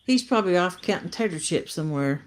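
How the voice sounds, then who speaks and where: A woman's voice: lowish voice, animated, fast talker, a crowd in the background. A woman, laughing often and chatting casually while reading viewer comments on a fishing live stream. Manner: laughs often, short agreeing replies. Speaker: fishing channel co-host.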